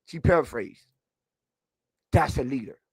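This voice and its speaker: A man's voice: medium pitch, animated, a little slow, creaky, husky, dry recording. A man hosting a heated sports talk show, preachy and emphatic, firing off rhetorical questions.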